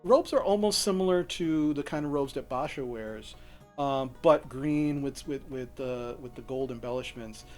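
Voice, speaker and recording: A man's voice: mid-range voice, moderate pace, a little mellow, soft background music. Rambling game master man. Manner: rambling, lots of fillers and restarts. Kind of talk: narrating a tabletop game.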